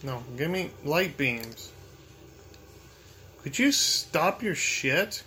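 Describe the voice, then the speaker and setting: A man's voice: on the high side, sing-song, very slow, pauses often, pushed and bright. Frustrated young man swearing at a game. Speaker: gamer. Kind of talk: gameplay commentary.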